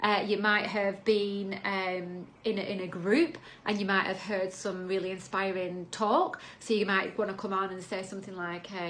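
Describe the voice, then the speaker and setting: A woman's voice: medium pitch, level tone, normal speed, few pauses, fairly bright tone, a little hiss or hum. Upbeat woman coaching on a live stream. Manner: chatty, upbeat, acts out example lines. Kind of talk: live video coaching talk.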